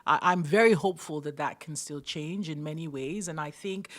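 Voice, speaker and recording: A woman's voice: deep voice, normal speed. A middle-aged woman from Nigeria, a guest on an interview podcast, talking conversationally, laughing often and repeating words as she gathers her thoughts. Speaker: guest, community builder.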